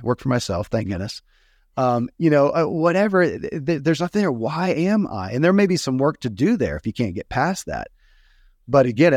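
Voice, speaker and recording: A man's voice: medium pitch, no room sound, studio quality. A man hosting a podcast, talking in an earnest, musing way with frequent restarts. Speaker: podcast host. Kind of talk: casual reflective conversation.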